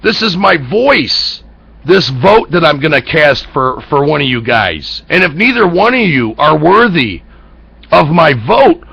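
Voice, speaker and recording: A man's voice: on the high side, very animated, measured pace, vocal fry, bright, forceful tone, slightly rough, no room sound, poor audio. An American man hosting an internet talk show, ranting bluntly about politics with profanity and heated rhetorical questions. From United States. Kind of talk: political commentary rant.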